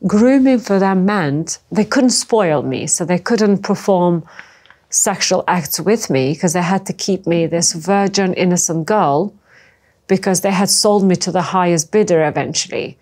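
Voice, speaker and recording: A woman from former Yugoslavia telling her story in an interview, speaking in halting, emotional bursts and often restarting and repeating words. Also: on the low side, a little mellow. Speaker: interviewee, trafficking survivor. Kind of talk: personal testimony in an interview.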